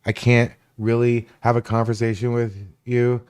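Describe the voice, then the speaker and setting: A livestream host with a medium-pitched, monotone voice rants at his chat viewers at a moderate pace. His tone is clean and a little mellow, but his commentary is combative and profane.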